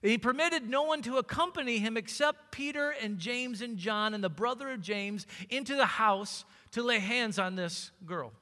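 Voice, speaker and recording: A man's voice: extremely high pitch, moderate pace, few pauses, pushed and bright, big-room sound. A man preaching a sermon as pastor, building fervor and acting out scripture scenes.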